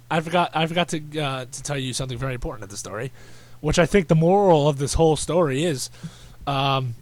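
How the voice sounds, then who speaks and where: A slightly high-pitched man, heard without any echo, hosts a podcast and tells meandering stories. The chat is casual and crude-slanged, peppered with fillers and false starts.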